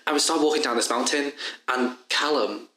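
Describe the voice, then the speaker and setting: A young man in his twenties with a Liverpool accent, co-hosting a podcast and telling a story in an animated, laughing, swearing way. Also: medium pitch, moderate pace, roomy sound, a little hiss or hum, rough recording. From Liverpool, England. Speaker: podcast co-host. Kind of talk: casual storytelling chat.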